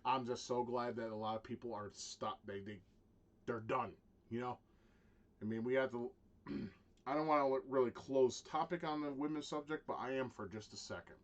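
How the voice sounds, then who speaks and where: A man ranting in a profane vlog monologue, halting with restarts and swinging from low muttering to loud shouting. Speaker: vlogger.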